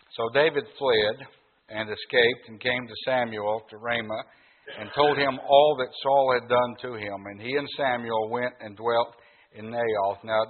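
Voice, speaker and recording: A male preacher delivers a sermon in a husky voice. He talks to his congregation in a folksy, conversational way. The recording is thin and phone-like. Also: medium pitch. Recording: tinny, phone-like sound.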